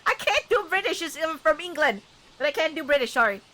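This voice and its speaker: A woman's voice: sits high, expressive, fairly quick, pushed and bright. A young woman streamer chatting casually through a let's-play, giggly and reading the game text aloud.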